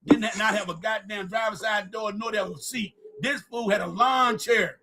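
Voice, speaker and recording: Loud, high-voiced St. Louis man. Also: fairly even intonation, moderate pace, noisy background. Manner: loud, profane storytelling. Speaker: podcast host. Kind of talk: casual group chat.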